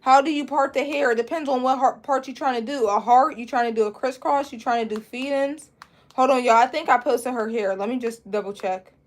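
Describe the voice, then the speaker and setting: A woman's voice: high voice, brisk. A young woman, chatting casually as she teaches a live braiding class and answers viewer questions. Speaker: braiding instructor.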